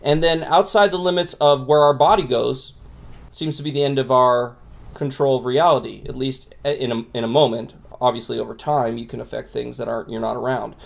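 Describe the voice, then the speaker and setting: A man co-hosting a podcast in casual chat, animated and laughing often. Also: mid-range voice, fairly quick, vocal fry. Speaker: podcast co-host.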